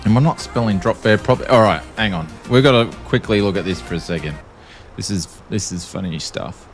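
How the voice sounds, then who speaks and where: A man's voice: on the low side, brisk, soft background music. A man with an Australian accent chatting casually on a livestream, talking freely and laughing often. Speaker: streamer.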